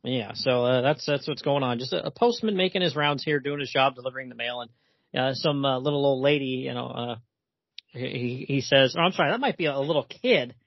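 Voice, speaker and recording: Guy chatting comics, husky voice, lots of uh and you know, flat muffled audio. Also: mid-range voice, brisk, no room sound. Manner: chatty, hesitant, with frequent fillers and laughs. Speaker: comics podcast co-host. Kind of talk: casual chat.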